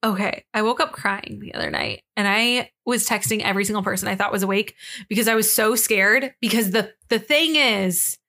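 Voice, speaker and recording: Bright-voiced young woman telling a story. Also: mid-range voice, a little fast. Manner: animated storytelling with swearing and acted-out quotes. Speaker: podcast co-host. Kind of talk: casual chat, storytelling.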